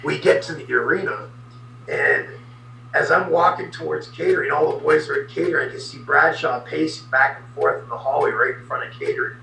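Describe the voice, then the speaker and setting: A man's voice: fairly high pitch, expressive, fairly quick, vocal fry, pushed and bright, roomy sound, recorded from a distance, a little hiss or hum, poor audio. A man guest animatedly telling an anecdote in a podcast interview, adding sound effects.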